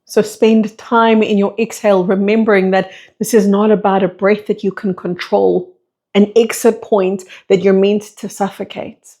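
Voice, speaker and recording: A woman's voice: medium pitch, vocal fry, warm tone. A woman speaking as a spiritual teacher and breathwork facilitator, delivering a flowing monologue full of repeated rhetorical questions.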